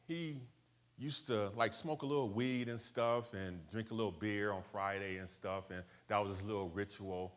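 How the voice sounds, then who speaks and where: A man's voice: mid-range voice, moderate pace, fairly bright tone. A man from Buffalo, USA, telling his personal story to a live audience in a conversational way, questioning the room and slipping into street slang. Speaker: motivational speaker.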